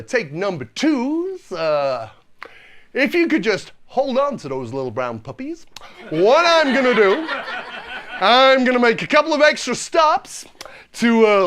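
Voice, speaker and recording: A Scottish man doing a drawling, halting bus driver making announcements. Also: sits high, fairly bright tone, full character voice.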